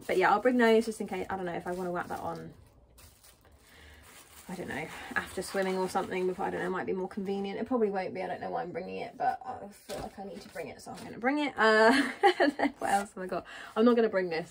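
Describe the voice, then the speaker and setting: A woman's voice: medium pitch, gravelly, slight background noise. A British woman vlogging in a casual, rambling way, thinking aloud as she packs. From Britain. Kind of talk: casual chat while packing.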